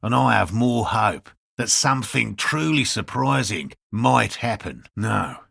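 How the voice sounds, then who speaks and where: An actor voicing an earnest, hopeful middle-aged cryptozoologist in a video game, speaking in a measured, lecturing way. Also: male voice, fairly low pitch, expressive, creaky, fairly bright tone, breathy edge, no room sound, studio quality, full character voice. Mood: explaining.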